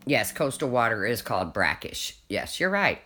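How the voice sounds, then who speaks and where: Livestreamer, casual chat, rambling storyteller, frequent restarts, mid pitch. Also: very animated, moderate pace, bright, forceful tone. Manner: chatty, rambling, restarts often, laughs at own stories.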